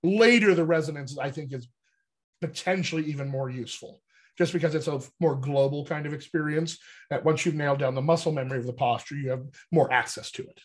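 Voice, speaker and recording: Male dialect coach, somewhat high voice, teacherly explainer, keeps checking in. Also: fairly quick. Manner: teacherly, checks in with frequent "right?". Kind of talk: explanatory interview talk.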